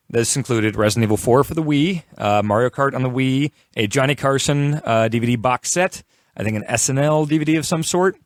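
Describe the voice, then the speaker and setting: A young man tells a story on a podcast with lively, swooping pitch and frequent laughter. His voice is dry and close, with no room sound around it. He talks casually and quickly slips into other people's voices. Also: no room sound. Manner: animated, laughing, quick shifts into quoted voices. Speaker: podcast co-host.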